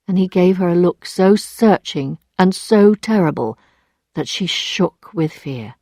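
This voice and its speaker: A woman's voice: on the low side, expressive, measured pace, warm tone, dry recording. Woman reading a story aloud, dry sound. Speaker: narrator. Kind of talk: scripted narration for English learners.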